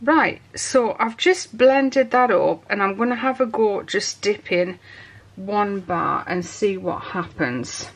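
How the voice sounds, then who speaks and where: A woman's voice: mid-range voice, slow pace. A woman from England hosting a soap-making tutorial, chatting in rambling asides while she works. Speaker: soap-making channel host. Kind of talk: casual demonstration tutorial.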